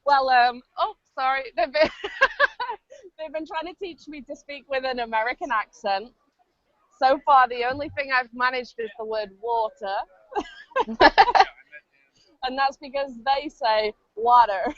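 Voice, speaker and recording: A woman's voice: high-pitched, measured pace, long pauses, a bit bright, no echo. A British woman co-hosting a podcast, telling stories in a chatty, laughing way. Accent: British English. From Britain. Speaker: podcast co-host. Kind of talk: casual chat. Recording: dull, dry lo-fi line.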